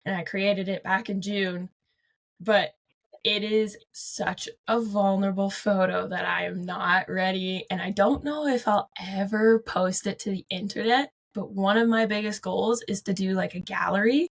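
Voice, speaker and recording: A woman's voice: medium pitch, fairly even intonation, a little slow, vocal fry. A woman, an artist and photographer, talking openly and a little hesitantly as a podcast guest. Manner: open, reflective, hesitant. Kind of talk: casual interview chat.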